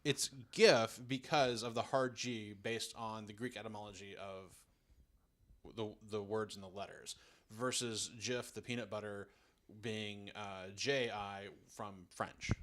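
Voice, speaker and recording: A man's voice: lowish voice, fairly even intonation, unhurried, a bit bright, a little hiss or hum. Southern man, chatty podcast guest, rambling, self-deprecating. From American South. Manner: rambling, self-mocking, many restarts. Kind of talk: casual chat.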